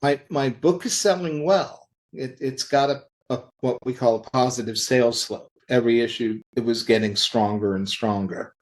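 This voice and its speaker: A man who works in comics, telling anecdotes in a podcast interview, acting out the quoted lines in lively voices. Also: mid-range voice, moderate pace. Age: older. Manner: animated anecdotal storytelling, acts out quoted dialogue. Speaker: interview guest, comic creator.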